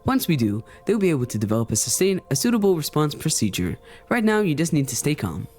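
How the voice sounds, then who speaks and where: A man voicing a brisk, reassuring male government agent in a video game. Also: on the high side, sing-song, darkish tone, faint music behind. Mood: official.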